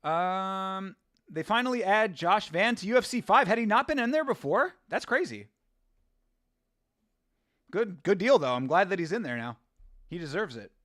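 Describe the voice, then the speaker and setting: A man's voice: high-pitched, animated, normal speed, long pauses, a bit bright, dry recording, studio quality. A man hosting a live watch-along stream, chatting casually, rambling and laughing as he reads from chat.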